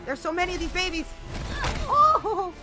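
A woman hosting a co-op gameplay session, playful and excitable, chattering, singing and shouting at the game. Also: very high-pitched, normal speed, over music. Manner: playful, excitable, breaks into sing-song and shouts. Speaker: gaming channel host.

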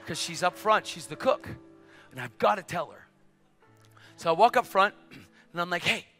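A man preaching a storytelling sermon in a church or event hall, animated and swinging from hushed asides to shouts. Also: high-pitched, moderate pace. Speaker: evangelist preacher. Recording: echoey hall with faint music.

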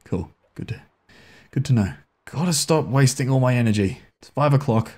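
A man's voice: medium pitch, animated, moderate pace, darkish tone. A man nervously talking through a horror game, swearing often and coaxing the characters on screen. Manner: nervous, swears often, voice leaps up when startled; coaxes and scolds characters on screen. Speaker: gaming video host. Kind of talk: anxious horror-game commentary.

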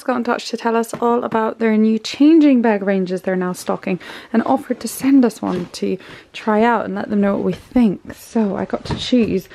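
A young woman from the UK chatting warmly about parcels in a casual home vlog, gushing over each item. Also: a little high, moderate pace, creaky, slight background noise. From United Kingdom. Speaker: parenting vlogger. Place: home, indoors.

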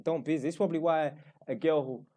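A man's voice: a little high, fast, dark tone. Blunt slangy London man telling a story. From London, England. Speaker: YouTuber. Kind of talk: casual storytelling.

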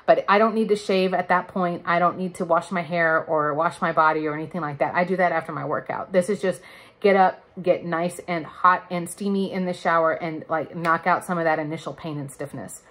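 A woman's voice: on the low side, steady tone, brisk, fairly bright tone. A woman in her thirties chatting candidly to camera in a casual vlog, laughing now and then. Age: 30s. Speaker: vlogger. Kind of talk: casual chat.

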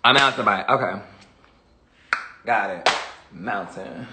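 A sassy, animated woman chatting on a phone livestream, reading viewer comments and laughing often. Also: extremely low pitch, slow pace, heavy background noise. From Atlanta, USA. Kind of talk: casual livestream chat.

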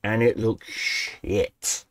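Low-voiced man telling a profane story. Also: level tone, drawn-out words, a bit bright, dry recording. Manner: profane, rambling, self-correcting. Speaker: gaming channel host. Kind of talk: casual storytelling. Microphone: desk microphone he keeps bumping.

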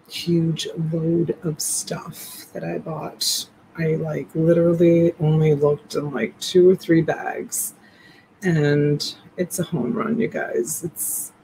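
A woman hosting a late-night live stream, chatting loosely and greeting viewers by name in a hushed, half-whispered voice. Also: on the low side, slight background noise, poor audio. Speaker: live-stream reseller host. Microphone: USB desk mic.

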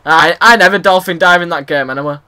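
A young man giving rambling, excitable commentary over his own gameplay and shouting at the game. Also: a little high, quick pace, clear, resonant tone. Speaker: gaming video host.

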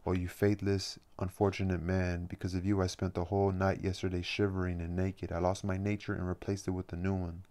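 A man's voice: sits low, little pitch movement, fairly quick, few pauses, a little mellow, close to an everyday voice. A man voicing a passionate young woman in love, reading her lines with emotion in an audiobook reading. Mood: pleading.

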